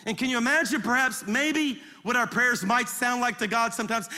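A male pastor preaching a sermon, telling a story in an animated, emphatic way with quick repetitions. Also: very high voice, long reverb tail. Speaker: guest pastor.

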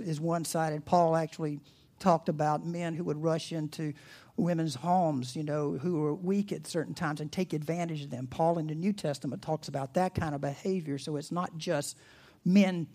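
A pastor preaching a sermon, animated and asking the congregation questions, dropping to a soft, hushed voice in reflective passages. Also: mid-range voice.

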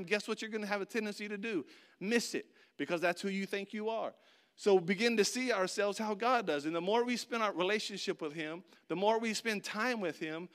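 A man's voice: high-pitched, clear, resonant tone. A man preaching a sermon, telling a funny story with acted-out voices and speaking directly to his listeners. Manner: animated storyteller, acts out voices and shouts; addresses the audience directly.

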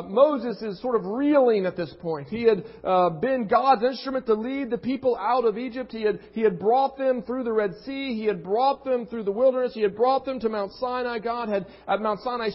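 A man preaching a sermon and reading scripture aloud, earnest and emphatic, repeating words as he builds a point. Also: extremely high pitch. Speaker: pastor. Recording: muffled recording with long reverb.

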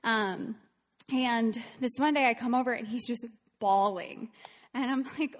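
A worship leader tells the congregation a story in a chatty, earnest way, saying "um" often. Her voice is fairly high and a little slow, and the sound is that of a big room.

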